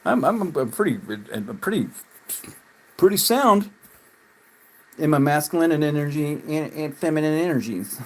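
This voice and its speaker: Livestreaming, this man mocks his chat in an expressive, profanity-laced rant delivered at normal speed with long pauses. Laughter comes often as he shifts from loud jabs to quiet muttering.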